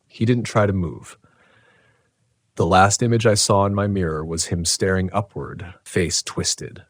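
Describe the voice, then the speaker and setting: A man reading a scripted first-person horror story, low and tense, with dramatic pauses. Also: steady tone, no echo, clean studio sound. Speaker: narrator.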